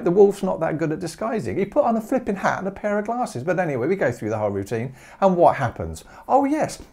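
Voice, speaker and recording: A man teaching maths in a humorous video lesson, jokey and animated, firing off rhetorical questions. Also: on the high side.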